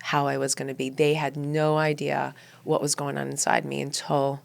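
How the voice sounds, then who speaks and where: A woman's voice: deep voice, monotone, normal speed, gravelly. A woman guest in a studio interview, telling personal stories candidly and earnestly. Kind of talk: interview conversation.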